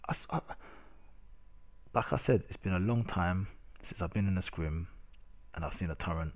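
Narrating match footage, a young man with a London accent rants in a relaxed way, heavy on slang and repeated "innit"s. He talks at a moderate pace in a low voice.

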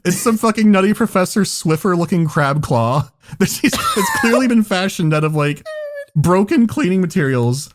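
A man's voice: sits high, wildly swooping pitch, moderate pace. A man hosting a podcast, telling a story in casual chat, laughing often and swearing freely. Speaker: podcast host.

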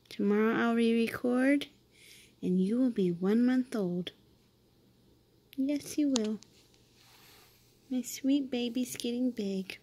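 A woman's voice: fairly high pitch, slow pace, long pauses, mellow. A young mother, chatting casually and switching into sing-song baby talk to her infant at home. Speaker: vlogger mother. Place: home, indoors.

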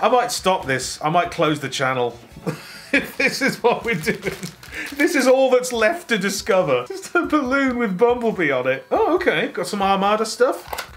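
A man's voice: on the high side, lively intonation, normal speed, soft background music. A man chatting sarcastically while unboxing toys, laughing often in mock disappointment. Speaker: toy unboxing vlogger. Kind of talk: casual unboxing chat.

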